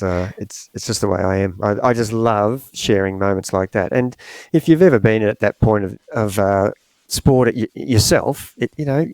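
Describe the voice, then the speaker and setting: A middle-aged man, a coach and podcast host, talking in a halting, emotional way with many pauses and fillers. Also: fairly low pitch, a little mellow, dry recording. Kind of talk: podcast conversation.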